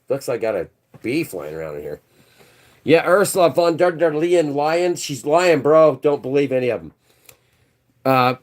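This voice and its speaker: A man's voice: a little high, a little mellow. Rambling man ranting to his viewers. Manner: rambling, conspiratorial, keeps calling viewers "bro". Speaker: channel host. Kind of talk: rambling livestream commentary. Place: indoors.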